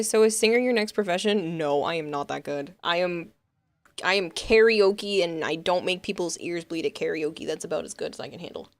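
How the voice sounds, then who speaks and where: A woman streamer chatting casually late at night, keeping her voice quiet, tired and short of breath. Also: lowish voice, creaky, no room sound. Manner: deliberately quiet, reads chat aloud. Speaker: game streamer.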